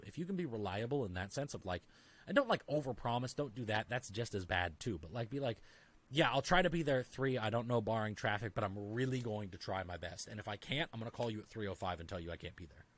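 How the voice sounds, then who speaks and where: A podcast guest with a mid-range, slightly bright voice chats casually and emphatically. He leans on fillers, says "like" constantly, and often acts out little dialogues in other voices.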